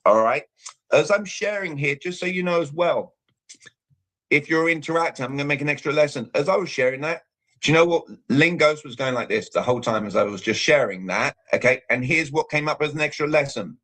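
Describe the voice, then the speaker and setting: British male coach, fairly high voice, emphatic, punchy delivery on a video call. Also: animated, brisk, fairly bright tone. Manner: emphatic, repeats "all right" between points. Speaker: communication coach, guest. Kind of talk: coaching talk on a live show.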